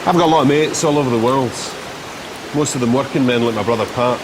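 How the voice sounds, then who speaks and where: A man playing a coaxing, quietly menacing man. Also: medium pitch, fast talker, noisy background, lightly acted. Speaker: soap opera character. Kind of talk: TV drama acting.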